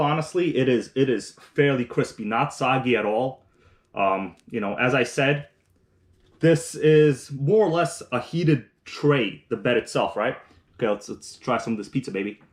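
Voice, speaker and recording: A man's voice: medium pitch, animated, normal speed. A man hosting a casual live stream, chatting while eating and reading viewer comments aloud, rambling with restarts. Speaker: livestream host.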